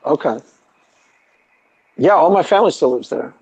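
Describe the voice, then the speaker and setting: A man's voice: on the high side, lively intonation, moderate pace, vocal fry, darkish tone, husky, lo-fi sound. A man from the New York area with a New York accent, hosting a joking casual chat. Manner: jokey, teasing. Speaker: channel host.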